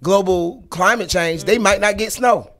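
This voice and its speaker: A woman's voice: medium pitch, a little slow, crowd noise. A woman from Atlanta with a Southern accent, hosting a casual talk show in an outspoken, emphatic way with plenty of cursing. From Atlanta, USA. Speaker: host.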